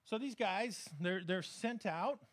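A man's voice: high-pitched, slow. A man preaching a sermon as pastor, in a conversational, joking manner that keeps checking in with the congregation. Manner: conversational, humorous preaching with frequent audience check-ins.

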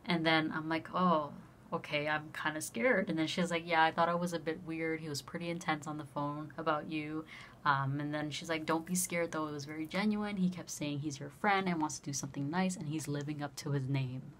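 A young woman vlogger casually telling a story, animated and swearing freely as she acts out both sides of a conversation. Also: low voice, fairly quick, slight background noise.

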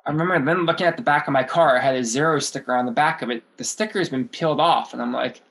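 A man's voice: mid-range voice, quick pace, vocal fry, a bit bright. A man in his thirties, a guest skateboarder, telling rambling stories in a casual interview, laughing often and swearing freely.

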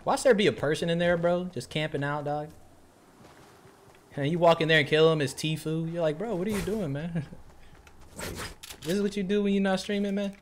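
A man streaming a video game, chatting in a slangy, animated way to himself and his viewers. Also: fairly high pitch, normal speed, long pauses, slight background noise. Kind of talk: casual gameplay commentary.

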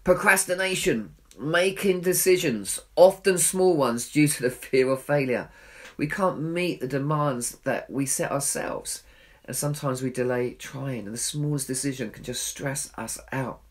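Earnest self-mocking church speaker. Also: male voice, mid-range voice, unhurried. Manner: earnest and self-deprecating, acts out his own inner voice. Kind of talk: recorded church talk.

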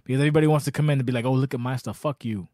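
A man's voice: medium pitch, steady tone, rapid-fire, darkish tone, no room sound, studio quality. A man hosting a casual podcast, telling long profane stories with lots of restarts. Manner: profane, rambling storyteller. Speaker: podcast host.

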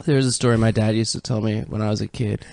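A man co-hosting a comedy podcast, talking in an unhurried, earnest way while others talk over him. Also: fairly low pitch, fairly even intonation, creaky, a little mellow, no echo. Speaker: podcast co-host. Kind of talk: casual comedic chat.

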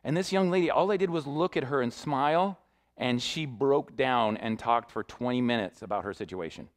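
A young man, a youth pastor, preaching a sermon built around a personal story, talking in an animated way and acting out the people he quotes. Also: medium pitch, normal speed. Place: church sanctuary.

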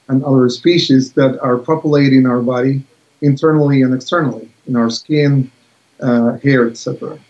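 A man's voice: mid-range voice, darkish tone, highs cut off. A man speaking as a guest expert in a casual science interview, hesitant, with many fillers, over a video call.

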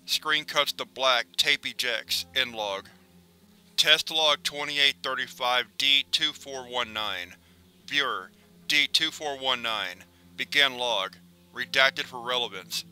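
A man reads out a formal document in measured scripted narration. His voice is very bright and clean-edged, at a middle pitch. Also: clear, resonant tone.

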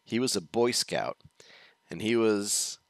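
A man's voice: on the low side, lively intonation, takes it slowly, no echo. A man hosting a reaction show, telling a long personal story in a casual, rambling way, chuckling as he goes. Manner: rambling, chuckling, restarts sentences.

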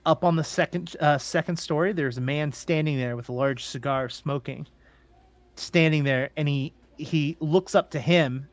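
Casual male game master, fairly high voice, halting narration. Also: no echo.

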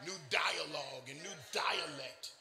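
A pastor preaching a sermon with a gravelly voice. He jokes aside with the congregation and builds to fervent shouting. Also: fairly high pitch, over music. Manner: rising to fervent shouting, quick joking asides. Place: church sanctuary. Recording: echoey church room.

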